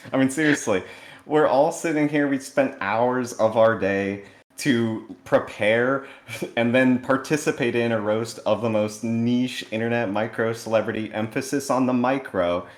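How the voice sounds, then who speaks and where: Speaking a little slowly in a mid-range voice, a man joins a comedic roast via video call. His humor is sarcastic and mock-earnest, with self-deprecating asides, recorded in an echoey, barely furnished new home.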